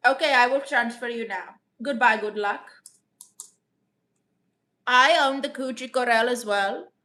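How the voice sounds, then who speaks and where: A woman comedian voicing a brash, self-assured customer-service rep who calls everyone baby, in a deadpan improvised livestream. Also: on the high side.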